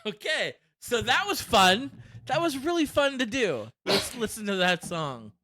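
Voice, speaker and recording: A man co-hosting a podcast in casual chat, excitable and laughing often, with frequent swearing. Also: very high voice, a little slow, dry recording, clean studio sound. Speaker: podcast co-host.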